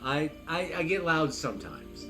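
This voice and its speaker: A man's voice: a little high, big pitch swings, moderate pace, low-quality recording. A man from Arizona chatting casually on a stream beside the host, rambling off on long tangents. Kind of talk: casual live-stream chat. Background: game music.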